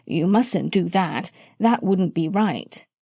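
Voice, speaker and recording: Woman voicing a gentle earnest country doctor, slow, mellow, dry. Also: lowish voice, animated, breathy edge, no echo, heavily acted. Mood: surprised. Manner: mild, earnest, slow and careful. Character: gentle eccentric male country doctor, mild.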